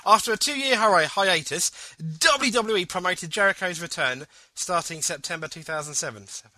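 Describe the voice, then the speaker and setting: A man co-hosting a podcast in casual chat, animated, laughing often and repeating himself as he thinks aloud. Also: sits high, moderate pace, dry recording. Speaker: podcast co-host.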